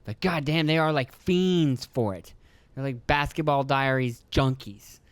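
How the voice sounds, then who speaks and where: Young guy from rural pennsylvania cussing and rambling about his day, smooth voice, dry close sound. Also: medium pitch, dry recording. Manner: profane, joking, acts out his kids and himself in quick voices. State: throat clearing, phlegmy. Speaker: podcast host. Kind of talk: casual rambling monologue.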